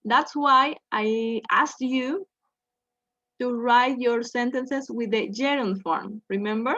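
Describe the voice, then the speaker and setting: A woman teaching an English grammar lesson, speaking slowly and checking in with "okay" after each point. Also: a little high, a bit bright, no echo. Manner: slow, repeats "okay" to check in with students. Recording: dull lo-fi sound.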